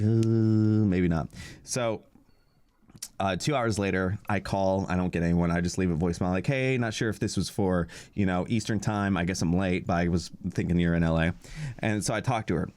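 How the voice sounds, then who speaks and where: A man's voice: low-pitched, darkish tone, no echo. A young man co-hosting a podcast, telling a long story in a casual, rambling way, full of fillers and acted-out quotes. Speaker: podcast co-host.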